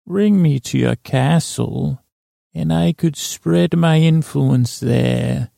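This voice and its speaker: A man's voice: a little high, slow pace, vocal fry, mellow, no room sound, studio quality, exaggerated voice. A man voicing a manipulative female vine spirit, coaxing in a silky, wheedling way. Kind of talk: improvised comedy voice acting.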